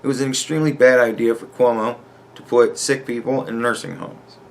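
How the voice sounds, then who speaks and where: A podcast host delivering a profane, sarcastic rant in an exasperated tone. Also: male voice, medium pitch, a little fast, vocal fry. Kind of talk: ranting commentary.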